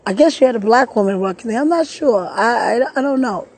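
Upset husky woman vlogging from a park. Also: fairly high pitch, lively intonation, a little mellow, low-quality recording. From New York. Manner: upset, halting, repeats words. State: tearful. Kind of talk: emotional personal vlog. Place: outdoors in a park.

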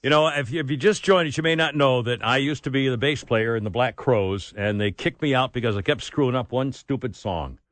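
A man's voice: mid-range voice, fairly quick, few pauses, fairly bright tone. A man hosting a talk radio show, joking and poking fun at himself. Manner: jokey, self-mocking. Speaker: radio host.

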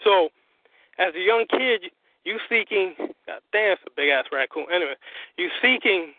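A man, a guest on a call-in interview, telling his story in an animated, profane way and acting out what others said. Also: high-pitched, normal speed, dry recording. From US Northeast. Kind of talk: casual phone interview. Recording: tinny phone line.

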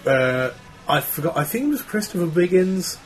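A man's voice: high-pitched, big pitch swings, moderate pace. A man co-hosting a podcast, telling rambling, wry anecdotes in casual chat. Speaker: podcast co-host.

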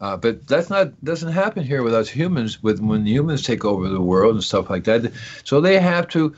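Rambling, jokey radio garden-show host. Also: male voice, medium pitch, big pitch swings, normal speed, darkish tone, muffled recording. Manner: rambling, jokey, talks to himself. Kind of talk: casual call-in gardening talk.

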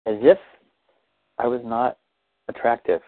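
A man calmly guiding a tapping therapy session, feeding short lines for the client to repeat. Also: mid-range voice, measured pace, dry recording. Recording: thin phone-like audio, dry.

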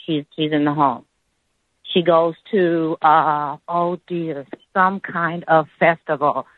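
A woman's voice: sits low, fairly even intonation, no echo. Woman calling in over a tinny phone line. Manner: chatty, halting storytelling with many fillers. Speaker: caller. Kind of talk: call-in story.

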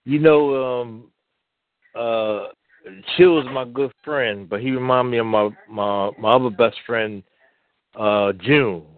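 A man talking on a casual radio show, halting and repeating words as he reminisces. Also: mid-range voice. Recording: dry tinny phone-like line.

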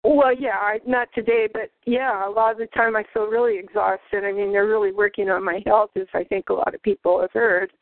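A woman phones in to a talk show, hesitant and apologetic, her words full of small pauses. The line is thin and tinny, with a dry, close sound. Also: mid-range voice, fairly even intonation, no room sound. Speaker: caller.

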